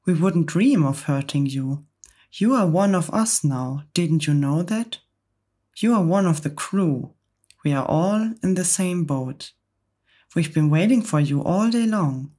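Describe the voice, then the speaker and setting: A gentle, reassuring ladybird from a storybook, whispered by a woman reading aloud. The voice sits low and unhurried, soft as in whispered role-play. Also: lively intonation, husky, full character voice. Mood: kind. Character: kindly female ladybird creature.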